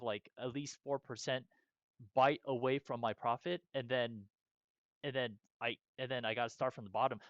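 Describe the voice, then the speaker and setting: A man's voice: mid-range voice, clean tone, dry recording. Worked-up man ranting, dull lo-fi sound. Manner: agitated ranting with many restarts and fillers. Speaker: host. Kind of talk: casual chat.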